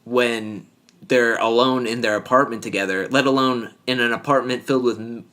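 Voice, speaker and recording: A man of ordinary pitch chats casually as a podcast co-host. He rambles through a recap, leaning on fillers and acting out what people said. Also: steady tone, moderate pace, pushed and bright. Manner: rambling, filler-heavy, acts out quoted lines. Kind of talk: casual chat recapping a TV show.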